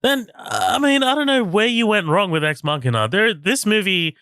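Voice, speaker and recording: On a movie podcast, a high-voiced male co-host talks at a moderate pace in a smooth, dry, studio-quality recording. His casual chat is lively and full of swearing, and he reads reviews out in a mocking tone.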